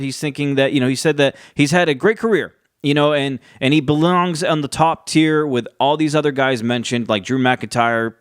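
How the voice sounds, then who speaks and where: A man's voice: mid-range voice, no room sound, studio quality. A man giving a casual, rambling recap of a wrestling show, with frequent fillers and restarts. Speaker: wrestling commentary YouTuber.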